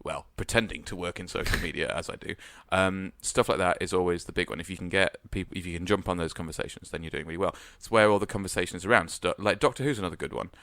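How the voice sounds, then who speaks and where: A man chats loosely as co-host of a studio podcast, his speech full of ums and restarts. His voice sits on the low side and sounds dry and close. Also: fast, few pauses, fairly bright tone, no room sound. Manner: rambling, hesitant, many fillers. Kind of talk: casual chat. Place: radio studio.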